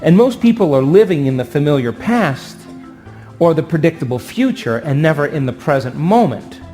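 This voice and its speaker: A man giving an animated motivational talk to an audience, acting out voices and asking for agreement. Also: on the high side, normal speed, faint music behind. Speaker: speaker.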